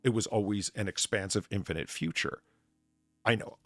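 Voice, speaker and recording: A man's voice: fairly low pitch, very animated, moderate pace, breathy edge, dry recording, studio quality. A man in casual chat, ranting and swearing as he rambles through restarts. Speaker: podcast co-host.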